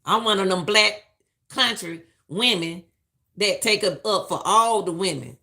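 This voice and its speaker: A woman's voice: mid-range voice, measured pace, bright, forceful tone. A middle-aged woman giving emphatic, preachy live-stream commentary and repeating lines for stress.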